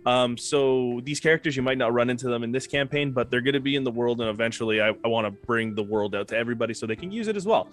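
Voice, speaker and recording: A man's voice: mid-range voice, fast talker, hardly any pauses. A man who runs the game, rambling through announcements with fillers and laughs. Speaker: game master and co-host. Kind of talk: casual stream announcements.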